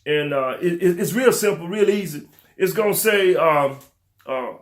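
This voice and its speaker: An older man giving fiery, preacher-like commentary, drawing out words for emphasis and slipping into rough vernacular. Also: high-pitched. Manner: preacher-like cadence, drawn-out emphasis, repetition. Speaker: talk show host. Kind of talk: impassioned commentary to camera.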